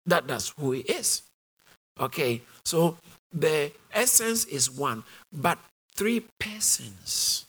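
Husky British man preaching with emphasis. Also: on the high side, animated, slow pace, a bit bright. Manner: emphatic, repetitive teaching with call-and-response. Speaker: Bible teacher. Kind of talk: sermon.

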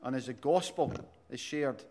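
A man's voice: mid-range voice, moderate pace, a little mellow. A man in his forties with an Aberdonian Scottish accent, preaching a sermon as pastor with earnest, repeated restarts. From Aberdeen, Scotland. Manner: earnest preacher, frequent restarts, rises in volume when telling stories.

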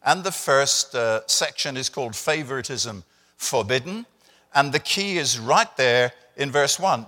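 A man's voice: on the high side, lively intonation, moderate pace, pushed and bright. An older man preaching as a visiting pastor, conversational with dry humor. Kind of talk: sermon. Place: church sanctuary. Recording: long church reverb.

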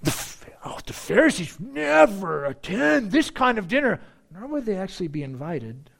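A man's voice: high voice, moderate pace, vocal fry. Guy preaching a sermon in church, voice swinging up and down a lot, cracking jokes at the crowd. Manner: animated, joking asides to the congregation. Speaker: pastor.

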